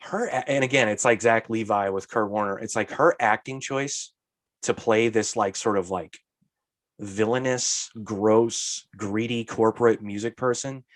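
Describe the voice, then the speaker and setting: A man co-hosting a podcast in casual chat, ranting about a movie with exasperated, animated asides. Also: lowish voice, unhurried, no room sound. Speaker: podcast co-host.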